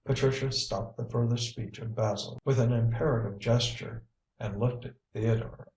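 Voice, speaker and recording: A man narrating an audiobook in an even, measured reading. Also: medium pitch. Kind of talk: scripted narration. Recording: roomy, distant mic.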